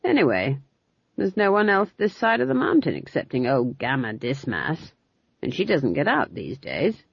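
A woman's voice: low voice, huge pitch swings, normal speed, creaky, husky, no echo, heavily acted. A woman voicing a stern elderly witch who speaks in a brusque, disapproving way. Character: stern elderly female witch, dry and proud. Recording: dull lo-fi dry recording.

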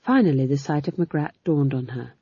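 A woman reads a story aloud in a low, husky voice. Her pace is slow and her pitch moves a lot. The recording is dull and dry. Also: dry recording. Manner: measured, expressive storytelling. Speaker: narrator. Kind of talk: audiobook narration.

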